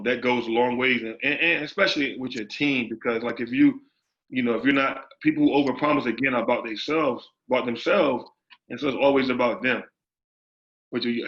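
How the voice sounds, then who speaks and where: In a medium-pitched, slightly bright voice, an associate head basketball coach responds to an interviewer emphatically, repeating himself and leaning on street slang. Dull lo-fi audio.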